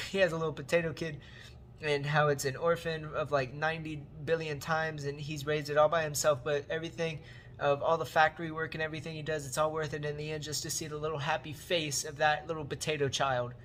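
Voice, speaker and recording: A man's voice: a little high, level tone, fairly quick, a bit bright, a little hiss or hum. A man giving a casual comedic recap of a movie, rambling in slang and repeating catchphrases. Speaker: movie reviewer.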